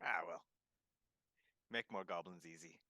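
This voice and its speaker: Bright-voiced male tabletop player. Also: low-pitched, measured pace, dry recording. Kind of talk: casual tabletop game chat.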